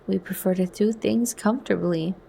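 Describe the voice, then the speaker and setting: A woman voicing a calm, powerful male controller with a dry, measured manner in a whispered role-play. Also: sits high, creaky, husky, full character voice. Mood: cool.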